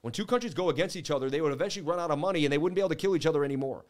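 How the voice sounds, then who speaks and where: A man's voice: fairly high pitch, very fast. A man in young adulthood hosting a crypto livestream, delivering a fiery, preachy rant full of repeated slogans. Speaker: livestream crypto market host. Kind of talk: impassioned live rant.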